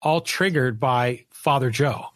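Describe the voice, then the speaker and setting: A man's voice: mid-range voice, slow, no room sound. A man hosting a live-stream interview, offering supportive affirmations and curious questions. His voice is recorded dry and close, with no room around it. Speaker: host.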